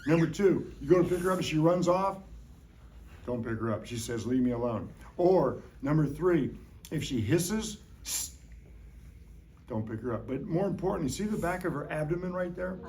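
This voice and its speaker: A middle-aged man teaching science to young kids in an elementary classroom jokes around during a hands-on demo and draws them in with questions. He speaks fairly quickly and expressively, with a fairly high pitch and dark tone, and there's slight background noise.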